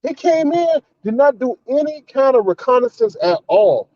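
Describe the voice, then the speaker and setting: A man's voice: extremely high pitch, very animated, normal speed, warm tone, dry recording. A man giving an indignant, profane, repetitive rant in a commentary vlog. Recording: slightly dull, dry recording.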